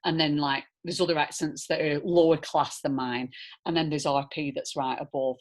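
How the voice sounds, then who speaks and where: A woman's voice: low voice, moderate pace. A woman with a rounded, slightly old-fashioned Lancashire accent, chatting casually as an actress guest in a Q&A, full of fillers and asides. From northern England. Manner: chatty, animated, many fillers and "do you know what I mean". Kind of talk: casual conversational Q&A.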